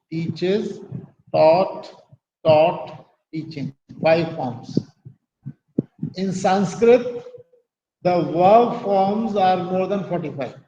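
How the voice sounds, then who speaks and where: A man's voice: sits high, dark tone, a little hiss or hum. A middle-aged man with an Indian English accent giving a university lecture, explaining each point and checking with "right?". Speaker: guest lecturer, professor of English. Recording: dull, echoey lecture recording from a hall.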